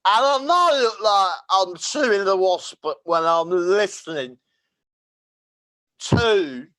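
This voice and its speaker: English man putting on a boozy older lady politician, high and slow, defensive, rambling. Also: lively intonation, sharp tone, heavily acted, low-quality recording. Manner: slow, drawn-out, high put-on voice.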